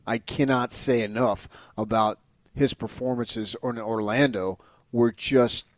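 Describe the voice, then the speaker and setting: A man's voice: mid-range voice, steady tone, measured pace. A man talks sports in a loose, rambling way, restarting sentences often and building to emphatic, raised points. His voice sits in a middle register. The sound is dry and close, with no room echo. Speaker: sports radio host. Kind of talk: casual sports talk.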